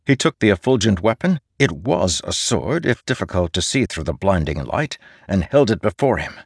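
A man narrating a fantasy audiobook in a measured, steady storytelling manner. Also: lowish voice, breathy edge, no echo, studio quality.

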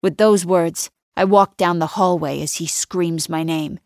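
Female narrator, first-person audiobook; low-ish, cool and controlled, dry close recording. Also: fairly even intonation, a little slow, darkish tone, no room sound.

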